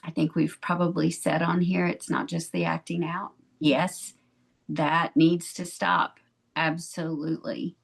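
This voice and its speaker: A woman co-hosting an advice podcast on betrayal recovery, explaining in a gentle, measured way. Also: sits low, level tone, gravelly, husky. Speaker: podcast co-host, therapist. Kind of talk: calm advice talk.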